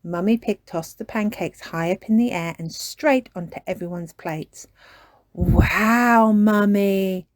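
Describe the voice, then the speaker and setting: A woman reading a children's picture book aloud as a storyteller, softly and expressively. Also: on the low side, normal speed, few pauses, dry recording.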